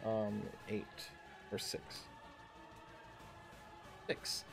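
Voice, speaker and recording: A man in his thirties running a tabletop game as dungeon master, talking in a halting way with many fillers and restarts. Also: lowish voice, monotone, vocal fry, music in the background. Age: 30s. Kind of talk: narrating a tabletop game livestream.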